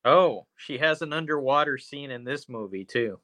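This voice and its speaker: A man's voice: medium pitch, animated, moderate pace, sharp tone, dry recording. A man co-hosting a podcast, talking casually and offhandedly about movies. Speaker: podcast co-host.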